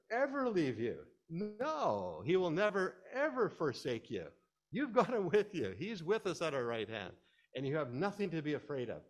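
A man with a mid-range voice delivers a sermon, teaching through scripture and building to animated, emphatic stresses.

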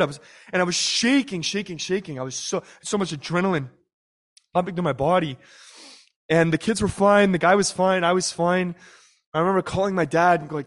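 A young man preaching in a lively storytelling sermon. His voice sits a little high for a man. He acts out the people in his story as he goes. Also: fairly quick.

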